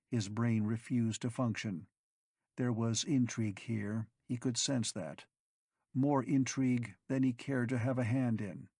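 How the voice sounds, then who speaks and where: Gravelly, husky male audiobook narrator. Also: medium pitch, a little mellow, no echo, clean studio sound. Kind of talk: scripted narration.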